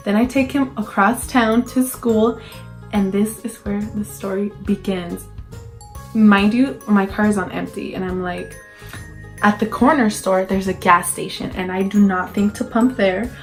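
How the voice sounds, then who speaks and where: A woman's voice: medium pitch, fairly even intonation, measured pace, soft background music. A young woman telling a casual story-time tale, chatty and full of fillers, acting out her own panicked quotes. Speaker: vlogger.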